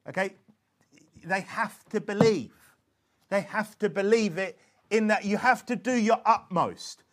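A man's voice: high voice, unhurried, slight background noise. A man giving an informal religious teaching talk, earnest and emphatic, often checking in with "okay?" and restarting his phrases. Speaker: evangelism instructor.

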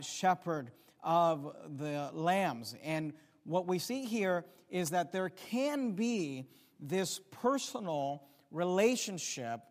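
A man preaching a sermon, emphatic, repeating key phrases and rising in volume to stress points. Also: fairly high pitch. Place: church sanctuary. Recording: long reverb of a hall.

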